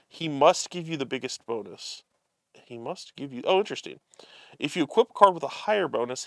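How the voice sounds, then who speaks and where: A man's voice: mid-range voice, vocal fry, fairly bright tone, dry recording, studio quality. A man hosting a live show, chatting casually as he unboxes a card game and reads the cards aloud, amused and chuckling often.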